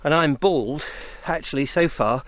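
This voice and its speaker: A man's voice: fairly high pitch, measured pace, no room sound. A man from England talking casually to camera as he walks country footpaths outdoors, slightly out of breath, chatty and rambling as he thinks aloud. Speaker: vlogger on a country walk. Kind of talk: casual walking commentary to camera. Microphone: camera on a tripod, set up and carried along.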